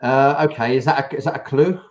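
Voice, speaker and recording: A man's voice: medium pitch, steady tone, moderate pace. Jokey English man chatting on a video call. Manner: chatty, jokey, laughs often. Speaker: show host. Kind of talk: casual live-stream chat.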